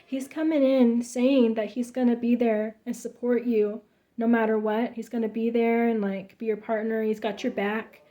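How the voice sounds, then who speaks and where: A woman's voice: fairly high pitch, flat delivery, normal speed, dark tone. A woman giving a casual tarot reading in an emphatic, chatty way, full of fillers and restarts. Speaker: tarot reader.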